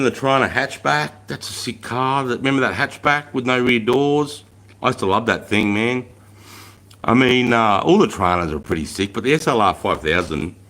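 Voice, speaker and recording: A mid-range, slightly bright voice belongs to an Australian livestream host in his forties. Chatting casually and reading viewer comments, he tells blunt stories laced with profanity and slang.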